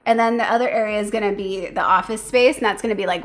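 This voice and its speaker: A woman streaming casually, chatting with viewers and cooing softly to her pet between thoughts. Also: medium pitch, quick pace, soft background music. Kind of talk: casual livestream chat.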